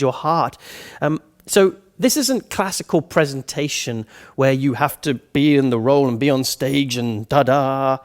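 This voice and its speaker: A man giving a live seminar talk to an audience in a room, telling stories in an animated, playful way. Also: medium pitch. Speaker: personal development speaker.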